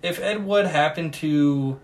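A man's voice: fairly high pitch, takes it slowly. A man co-hosting a podcast, rambling casually with lots of fillers about a bad movie. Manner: rambling, filler-heavy storytelling. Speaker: podcast co-host. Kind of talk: casual movie review chat.

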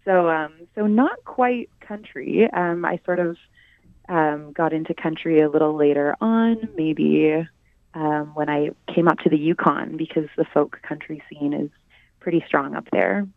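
A woman's voice: sits low, unhurried, gravelly, dry recording. Giggly woman on a tinny phone line. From Canada. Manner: giggly, hesitant, lots of ums. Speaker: singer-songwriter guest. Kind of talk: casual interview. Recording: dry, phone-like narrow sound.

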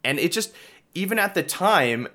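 Male guest, bright forward tone, halting casual delivery. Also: high-pitched, very animated. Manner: hesitant, trailing off. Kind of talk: casual chat.

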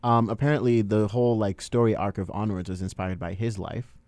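A man's voice: on the low side, fairly even intonation, a little fast, darkish tone, no echo. A man casually chatting about a movie with friends, rambling with many fillers. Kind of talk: casual movie review chat.

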